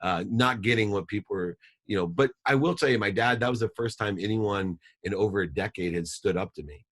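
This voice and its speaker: Guy in his 50s on a podcast, kinda low voice, tells his life story quick and punchy, says stuff twice. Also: a bit bright. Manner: fast, emphatic, repeats phrases for effect. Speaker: podcast guest. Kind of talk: personal storytelling in an interview.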